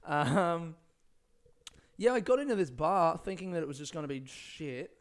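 A man's voice: fairly high pitch, expressive, normal speed. A young man, a stand-up comedian, rambling laid-back through a casual solo podcast on a close microphone, swearing often.

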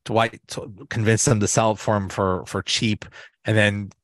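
A man's voice: fairly low pitch, flat delivery, moderate pace, no echo, studio quality. A man hosting a podcast, recapping TV episodes in a casual, rambling way with lots of fillers and restarts. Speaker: podcast host.

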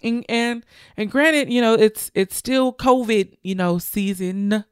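A woman's voice: a little high, slow pace, smooth, no echo, studio quality. A young woman, a bride-to-be, chatting to her viewers in an emotional, gushing storytelling style. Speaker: bride-to-be vlogger.

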